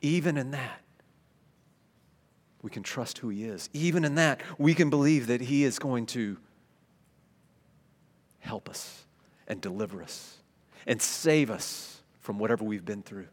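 A man preaching a sermon, stumbling over repeated words and swinging between loud emphasis and hushed tones. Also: medium pitch, animated, a little slow, pauses often. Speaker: pastor. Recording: long hall reverb.

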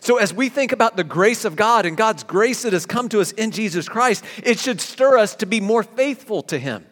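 A man preaching a sermon as a pastor, animated and given to sudden emphatic bursts. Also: high-pitched, normal speed. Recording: long hall reverb.

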